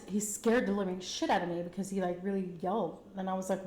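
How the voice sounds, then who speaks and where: A woman with a Texan accent telling a candid, chatty personal story to her viewers, full of fillers and animated retellings. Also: medium pitch, normal speed, roomy sound. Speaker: food vlogger telling a story. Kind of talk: casual storytime chat.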